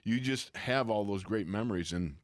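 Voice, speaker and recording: A man hosting a casual sports chat, speaking in a reflective way with drawn-out phrasing. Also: fairly low pitch, no echo, studio quality. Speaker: host.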